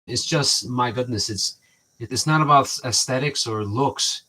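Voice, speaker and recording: A man chats to his viewers in a loose, meandering way, tripping over his own starts and circling back to points. His voice sits in an ordinary middle pitch. He slips into the voices of people he is describing. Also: measured pace, pushed and bright. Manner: rambling, restarts often, acts out quoted exchanges. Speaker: vlogger. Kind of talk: rambling casual monologue.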